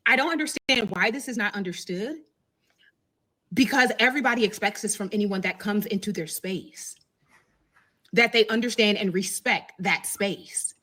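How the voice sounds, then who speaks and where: A woman's voice: medium pitch, normal speed, bright, forceful tone. A woman giving an opinion commentary in an assertive, explanatory way.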